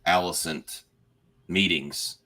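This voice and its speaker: A man with a slightly low but bright, forward voice chats casually about a TV finale. He is animated and often restarts his sentences. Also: slow. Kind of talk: casual spoiler chat.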